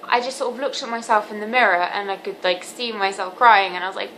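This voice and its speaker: A woman's voice: medium pitch, fairly bright tone, slight background noise, low-quality recording. Earnest teenage girl confiding. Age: teens. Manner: earnest, confiding, halting with many ums. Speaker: vlogger. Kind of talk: candid personal vlog.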